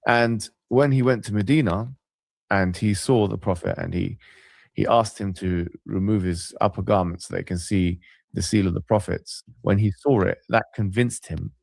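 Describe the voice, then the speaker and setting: A man's voice: fairly low pitch, steady tone, moderate pace, vocal fry, darkish tone, no room sound, studio quality. A man arguing insistently in a debate call, repeating himself to press his point. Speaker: debate show host.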